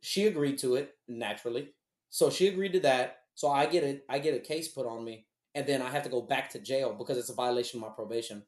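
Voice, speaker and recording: A man co-hosting a podcast, telling a personal story in casual, profane, animated chat. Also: mid-range voice, quick pace, echoey room. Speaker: podcast co-host.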